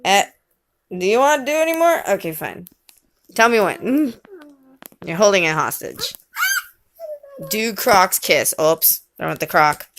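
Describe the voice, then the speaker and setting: A young-sounding mother reads a picture book aloud with her toddler, her voice swooping up and down as she coaxes him along. She talks slowly and patiently, playful and a little teasing, over a faint hiss of background noise. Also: mid-range voice, expressive. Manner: playful, coaxing, gently teasing.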